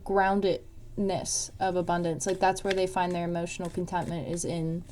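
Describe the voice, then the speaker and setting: A woman's voice: lowish voice, flat delivery, moderate pace, darkish tone. Rambling woman giving a tarot reading. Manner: rambling, many fillers like "um" and "like". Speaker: tarot reader.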